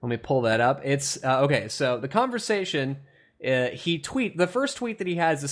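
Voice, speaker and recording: A young man hosting a casual podcast, animated and laughing, with lots of fillers. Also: mid-range voice, moderate pace. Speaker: podcast host. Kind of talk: casual chat.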